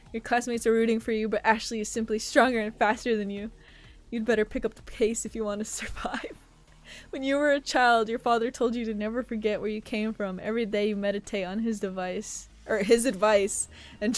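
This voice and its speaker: A woman's voice: fairly high pitch, fairly even intonation, brisk. A woman streaming a game, reading its text aloud in a playful way and laughing often. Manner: playful, laughing, voices characters. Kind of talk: reading a dating sim aloud. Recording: faint music behind.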